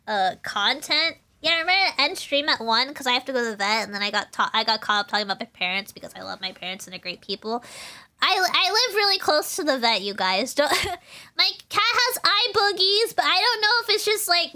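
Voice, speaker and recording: With a high voice that sounds pushed and bright, this young VTuber streamer rambles in a bubbly way, full of likes and ums. She giggles yet grows teary and emotional during the casual chat.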